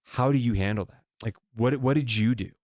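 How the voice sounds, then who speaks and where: A man's voice: mid-range voice, fairly quick, darkish tone, no room sound, studio quality. A man hosting a podcast interview, supportive and chatty, with frequent short affirmations. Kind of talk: conversational interview.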